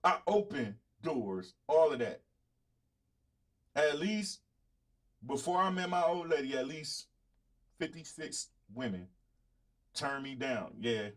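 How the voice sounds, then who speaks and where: Speaking slowly with long pauses, a middle-aged Southern man runs his own show, talking bluntly, boastfully and profanely to his viewers. His voice is a little high and fairly bright, with lively intonation.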